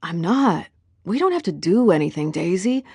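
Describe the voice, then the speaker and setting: A woman reading the lines of an easygoing young man who coaxes and teases his girlfriend warmly. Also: fairly low pitch, sing-song, moderate pace, husky, no echo, clean studio sound, exaggerated voice. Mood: coaxing. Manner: warm, coaxing, teasing.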